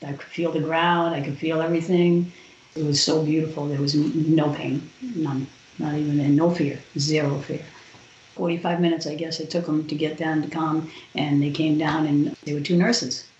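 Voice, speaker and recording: A woman, a podcast guest, telling a personal story in an animated way and acting out the other people's lines. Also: sits low, normal speed, slight background noise. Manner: animated retelling with quoted voices. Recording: roomy, dull lo-fi sound.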